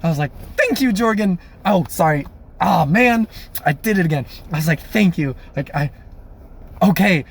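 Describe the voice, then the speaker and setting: A young man casually telling a personal story, animated and laughing, acting out the voices of people he quotes. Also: high voice, moderate pace, husky. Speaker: storyteller vlogger.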